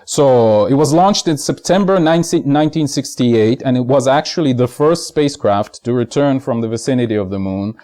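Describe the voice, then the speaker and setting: A man's voice: mid-range voice, expressive, moderate pace, hardly any pauses, warm tone. Man in a rambling spoken monologue. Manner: rambling, frequent fillers and asides to viewers. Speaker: video essayist. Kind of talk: casual explanatory monologue.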